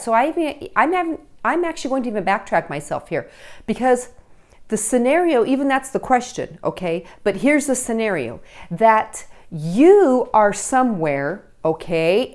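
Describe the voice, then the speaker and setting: A middle-aged woman, a teen relationship coach, giving parenting advice straight to camera in a chatty, animated way, often checking in with "okay?" and acting out parents and teens. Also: a little high.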